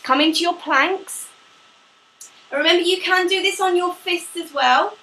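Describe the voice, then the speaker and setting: Woman pilates teacher, high bright voice, echoey room off-mic, faint hiss, upbeat and short of breath. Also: normal speed, distant mic. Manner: upbeat, demonstrating while talking, laughs often. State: slightly out of breath from exercising. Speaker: pilates instructor. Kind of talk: live online fitness class instruction.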